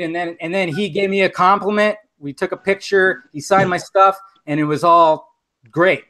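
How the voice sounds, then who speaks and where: A man's voice: high-pitched, fairly even intonation, normal speed, pushed and bright. A man hosting a podcast stream, arguing heatedly and defensively, swearing and repeating himself. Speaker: podcast host. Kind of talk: heated argument on a livestream.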